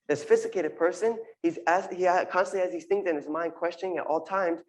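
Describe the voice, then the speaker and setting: Brief: earnest congregant delivering a short drash, mid pitch, repeats key phrases. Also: fast, darkish tone, low-quality recording. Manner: earnest, repeats phrases, uses Hebrew terms. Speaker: congregation member giving a drash. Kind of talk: informal sermon talk.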